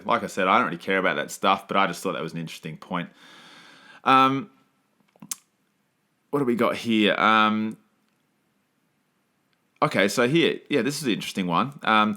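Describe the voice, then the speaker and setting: A man's voice: lowish voice, sharp tone. A man hosting a podcast, talking casually and rambling with many fillers and restarts. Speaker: podcast host.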